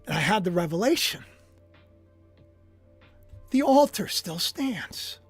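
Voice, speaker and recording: Animated man preaching on a livestream. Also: high-pitched, slow, slightly rough, soft background music. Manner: emphatic, swings from hushed to shouting. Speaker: preacher streaming live.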